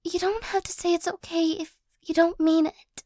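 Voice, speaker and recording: This ASMR role-play features a woman as a sorry young ex-girlfriend whose apology comes out hesitant and stop-start, dotted with nervous giggles. The voice is extremely high-pitched, fairly even in intonation, and darkish in tone, with an apologetic mood.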